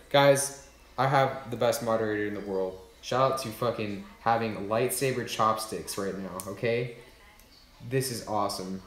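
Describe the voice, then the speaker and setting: Hyped young man unboxing in an echoey room. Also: fairly low pitch. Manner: hyped, swearing, bursts into loud exclamations. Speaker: YouTube creator livestreaming an unboxing. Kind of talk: excited livestream unboxing chat.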